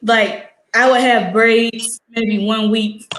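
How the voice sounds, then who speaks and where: A teenage girl and high school student, telling a story in casual chat, acting out the dialogue with lots of fillers. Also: slow, reverberant, background noise. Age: teens. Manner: animated, acts out quoted dialogue, many "like" fillers.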